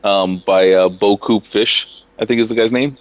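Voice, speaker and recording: A man's voice: on the low side, fairly even intonation, moderate pace. A man in a casual group chat who talks hesitantly, with many fillers.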